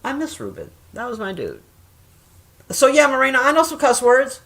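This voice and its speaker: Profane, animated woman telling stories. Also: high voice, normal speed. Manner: profane, animated, acts out quoted voices loudly. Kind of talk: casual storytelling chat.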